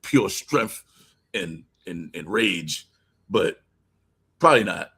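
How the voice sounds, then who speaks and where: A man co-hosting a casual talk show, telling animated stories with laughter and sudden quiet asides. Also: deep voice, slow, a crowd in the background. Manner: laughing, animated storytelling, drops to mumbles. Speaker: co-host. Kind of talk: casual podcast banter.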